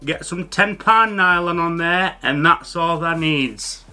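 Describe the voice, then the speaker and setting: A scoffing, incredulous male commenter with a broad Barnsley accent, as a man puts him on. The voice jumps well above the speaker's usual pitch and sounds bright and sharp. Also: slow pace, soft background music, full character voice. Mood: mocking. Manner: mocking, incredulous.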